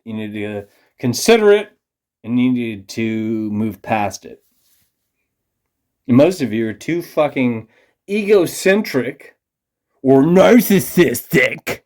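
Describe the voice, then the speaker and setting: An angry man in a profane, condescending rant aimed at his audience. His mid-range voice drops to low muttering, then bursts out loud. He swears constantly and scolds his listeners. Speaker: vlogger. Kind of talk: ranting monologue to camera.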